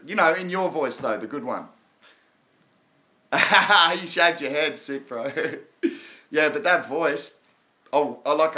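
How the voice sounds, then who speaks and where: A man's voice: medium pitch, pushed and bright. A man hosting a live crypto chat stream, talking in a rambling, casual way and laughing often. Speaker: crypto livestream host.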